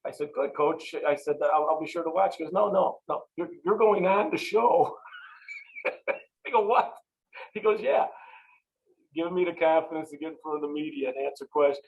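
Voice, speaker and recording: Here a veteran football coach, his voice a little high, shares stories in an interview at a brisk clip, animatedly playing out the exchanges he quotes. The recording's high frequencies are cut off.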